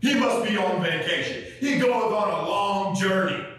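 A preacher putting on a cocky male prophet, taunting and swaggering, his high voice bouncing around a big echoing church. The sound is distant and roomy, as if the mic were well away. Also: very animated, moderate pace, fairly bright tone. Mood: mocking. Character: bold mocking male prophet taunting rivals. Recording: very echoey church from far off.

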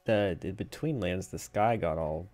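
A man's voice: sits low, measured pace, darkish tone, faint music behind. A man chatting casually and teasing his friends while playing a multiplayer game stream. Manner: joking, teasing. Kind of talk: casual gaming chat.

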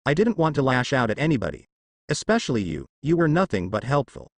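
A cocky, awkward teenage boy hero, as a male narrator reads him out, with a lively, bouncing pitch. His delivery is casual, wry and teasing, with a dry, close sound. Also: fast talker, dry recording.

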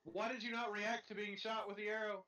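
Male gamer, bright higher voice, methodical explainer, lo-fi voice-chat sound. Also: little pitch movement, brisk. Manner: explains rules and strategy, restarts often. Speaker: player in a group game. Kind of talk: casual gaming chat.

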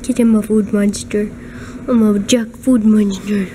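A woman's voice: mid-range voice, steady tone, a little slow, warm tone, a little hiss or hum, pitched below the performer's own voice, lightly acted. A woman voicing a hungry pet cat. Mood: greedy. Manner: playful pet voice. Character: hungry male pet cat, self-proclaimed food monster.

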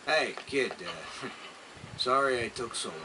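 A gruff, dismissive police officer in a game cutscene, mid-pitched and offhand. He talks in a rough, casual way, brushing things off, over noisy game audio. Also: expressive, slow pace. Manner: casual, dismissive, rough working-class speech. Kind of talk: dubbed video game cutscene.

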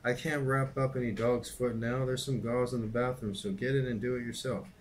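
A man reading a novel aloud, voicing an anxious, forceful older woman housekeeper in urgent, emphatic bursts. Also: mid-range voice, level tone, fairly quick, slight background noise, natural voice, rough recording. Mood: impatient.

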